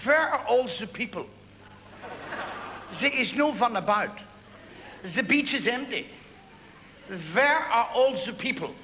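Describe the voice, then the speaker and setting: A man's voice: very high voice, sing-song, measured pace, few pauses, bright, forceful tone, slight background noise, pitched above the performer's own voice, full character voice. A comedian voicing a blustering German man on an empty beach, with an overdone accent, in an archive theatre recording with long hall echo. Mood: puzzled.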